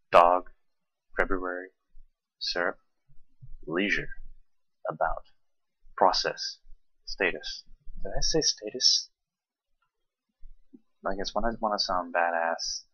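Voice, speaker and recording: A tired young man from Charleston with a Southern accent, reading a word list slowly and hesitantly with many ums. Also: deep voice, bright, forceful tone, husky, no room sound, highs cut off. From Charleston, South Carolina. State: tired, late at night. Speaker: vlogger.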